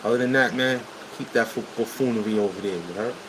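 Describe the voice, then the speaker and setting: A man's voice: lowish voice, quick pace. A man from Brooklyn with a New York accent, telling stories to viewers on a livestream in blunt street slang. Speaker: livestream host. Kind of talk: casual livestream storytelling. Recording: air conditioner hum behind voice. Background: air conditioning hum.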